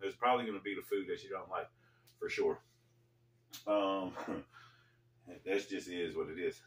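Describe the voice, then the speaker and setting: A man hosting a casual storytelling vlog, talking in a laid-back, slangy way with pauses. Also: low voice. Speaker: storyteller host. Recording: echoey room, mic far off.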